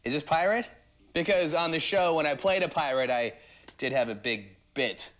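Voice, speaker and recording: A man's voice: fairly high pitch, moderate pace, a bit bright. A man chatting in an interview, playful, breaking into mock pirate growls. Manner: playful, tries out pirate growls mid-sentence. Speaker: actor in an interview. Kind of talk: casual interview chat.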